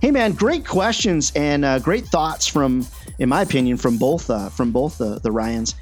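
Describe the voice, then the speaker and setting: A man's voice: medium pitch, lively intonation, normal speed, soft background music. A man hosting a sales podcast, upbeat and chatty, with lots of "uh" fillers. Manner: enthusiastic, chatty, many "uh" fillers. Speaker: podcast host and sales coach. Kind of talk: casual podcast talk.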